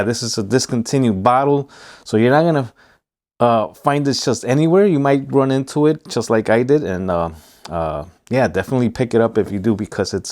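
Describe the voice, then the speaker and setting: A man with a Hispanic American accent hosting a casual whiskey review vlog, talking in a relaxed, rambling way with many fillers. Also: mid-range voice. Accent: Hispanic American English. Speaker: whiskey reviewer, channel host.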